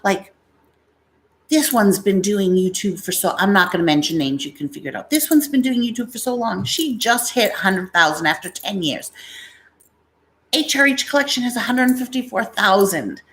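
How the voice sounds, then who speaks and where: A woman's voice: mid-range voice, lively intonation, normal speed, fairly bright tone, breathy edge. A middle-aged woman from New York, hosting a casual live stream with blunt opinions, many fillers and rambling tangents, into an ASMR microphone. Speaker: YouTube live-stream host.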